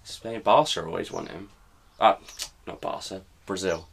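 A man's voice: low voice, a little slow, gravelly, breathy edge. A young man co-hosting a podcast, chatting casually and rambling through jokey tangents about football. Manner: rambling, jokey, thinking aloud. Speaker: podcast co-host.

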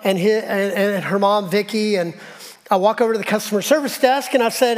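A man's voice: high voice, brisk. A middle-aged male pastor preaching a sermon, telling personal stories in a conversational, self-deprecating way and acting out the dialogue. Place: church sanctuary. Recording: long hall reverb.

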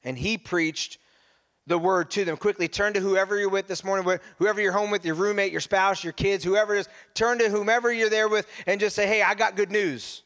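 A man's voice: high voice, steady tone, a little fast, a bit bright. A male pastor preaching a casual, conversational sermon, often restarting his phrases.

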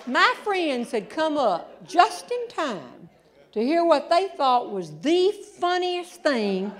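A woman telling comic stories on a theater stage, acting out the voices. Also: high voice. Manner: animated, acts out voices, laughs along. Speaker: humorist and storyteller. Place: theater stage before a live audience.

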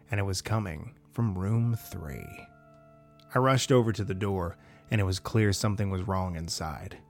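A man narrating a first-person horror story in a measured, dramatic way. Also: low-pitched. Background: faint background music.

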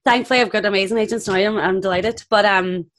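Young actress, rapid and lively, acts out the voices in her anecdotes. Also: medium pitch. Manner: animated, acts out quoted voices. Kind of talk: casual chat, storytelling.

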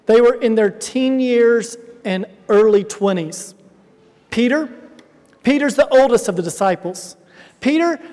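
Male pastor, very high voice, emphatic explanatory preaching, long reverberant hall sound. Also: a little mellow. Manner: explanatory, emphatic, addresses congregation directly. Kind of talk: sermon.

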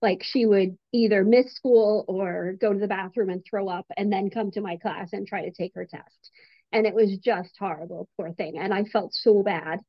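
A woman guest who is a teacher, telling a story in a relaxed, conversational interview. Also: mid-range voice, normal speed, dry recording. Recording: dull lo-fi remote audio.

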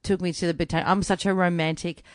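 Aussie lady comic, gaspy and sweary, super excitable, dry room sound. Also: lowish voice, quick pace, no room sound. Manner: excitable, gasps and swears, self-mocking. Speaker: podcast co-host, comedian. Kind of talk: casual chat.

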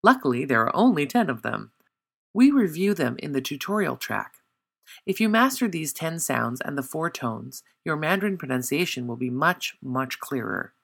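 A language tutor reads a scripted pronunciation lesson, the voice carrying a noticeable gravelly fry at a middle pitch. The delivery is measured and clear, easing down to a slow pace whenever a sound is demonstrated. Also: sing-song, a bit bright.

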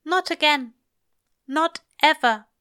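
A nervous, soft-hearted angel of a man, high-pitched and quavering, voiced by a woman reading aloud. He pleads more than he speaks, and his lines lift sharply above the narration. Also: slow pace, full character voice. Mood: pleading. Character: anxious fretful male angel, gentle and pleading.

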